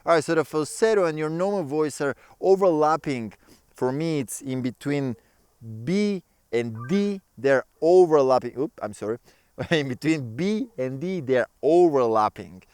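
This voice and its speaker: Chatty man with a smooth voice. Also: fairly high pitch, unhurried, no echo. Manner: relaxed, chatty, non-native phrasing. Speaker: ukulele teacher. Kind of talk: casual tutorial explaining.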